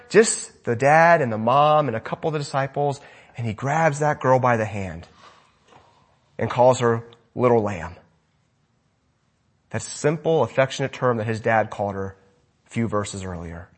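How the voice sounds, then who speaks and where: A man preaching a sermon with passion, his voice rising loud and dropping to a hush. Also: fairly high pitch, slightly rough. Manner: impassioned preaching, swinging between loud and hushed. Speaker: pastor.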